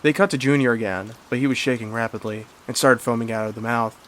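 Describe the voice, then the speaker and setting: A man's voice: mid-range voice, fairly even intonation, fast, fairly bright tone, slight background noise. Man reading a creepypasta. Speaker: creepypasta narrator. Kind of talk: story reading.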